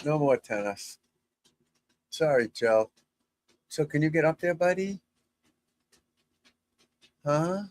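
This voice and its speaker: A man's voice: fairly high pitch, animated, takes it slowly, pauses often, low-quality recording. A man who works as a golf instructor, chatting casually and rambling to his viewers from a room at home and breaking off now and then to talk to his dog. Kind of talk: casual live chat to viewers.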